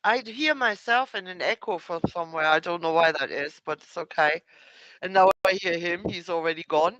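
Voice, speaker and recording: A man's voice: high-pitched, moderate pace, bright, forceful tone, dry recording, lo-fi sound. A middle-aged man with a German accent, chatting as a guest on a live call, thoughtfully explaining words with examples. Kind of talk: casual livestream chat.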